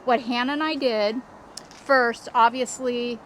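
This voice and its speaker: A middle-aged woman with a somewhat high voice talks through a garden project in a casual, upbeat way. She is recorded outdoors in a backyard, with a faint hum of traffic behind her. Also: fairly even intonation, takes it slowly, fairly bright tone. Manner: chatty and upbeat, with small restarts. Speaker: landscape designer and channel host. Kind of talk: casual vlog walkthrough.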